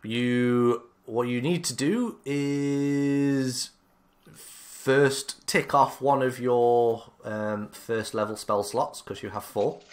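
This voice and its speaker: A man narrating as game master of a tabletop game, unhurried and hesitant with many fillers. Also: mid-range voice.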